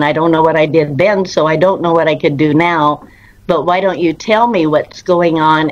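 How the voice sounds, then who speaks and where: Woman, low voice, dry dull lo-fi sound, earnest storytelling, interview guest. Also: dry recording. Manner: slow, earnest storytelling with quoted dialogue.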